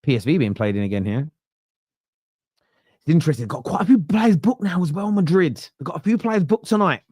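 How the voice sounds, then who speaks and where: A man's voice: fairly high pitch, fairly quick, slightly rough, no room sound, clean studio sound. Cockney man hosting a football watchalong. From East End of London. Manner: chatty and self-mocking, with sudden shouted excitement at chances. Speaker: watchalong host. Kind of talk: live football watchalong commentary.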